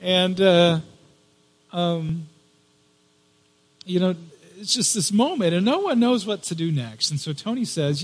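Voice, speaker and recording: A pastor telling a story from the pulpit, his fairly high voice trailing off into a long hall reverb. He talks in a relaxed, conversational way, stopping often to restart a phrase. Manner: conversational, halting with fillers and restarts. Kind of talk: sermon storytelling.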